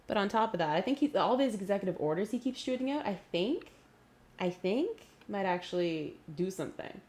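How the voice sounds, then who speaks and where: A woman co-hosting a podcast in casual chat, animated and sweary, laughing often. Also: medium pitch, brisk. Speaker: podcast co-host.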